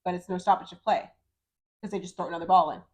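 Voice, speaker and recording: A woman in her thirties co-hosting a podcast, chatting casually and animatedly, often acting out what others said. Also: lowish voice. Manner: animated, talks fast and acts out quotes. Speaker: podcast co-host. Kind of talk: casual chat.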